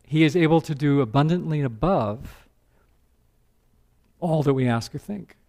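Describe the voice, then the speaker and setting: Animated male pastor preaching. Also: fairly high pitch, measured pace. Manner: animated, jumps into voices. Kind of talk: sermon.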